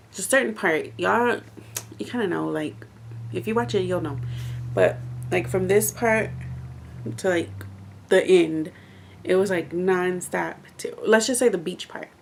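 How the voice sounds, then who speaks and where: A woman's voice: fairly low pitch, a little slow, gravelly, a little hiss or hum. A woman reviewing books in a casual vlog, chatty and rambling, with lots of "like" fillers. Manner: chatty, rambling, heavy use of "like". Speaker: book reviewer.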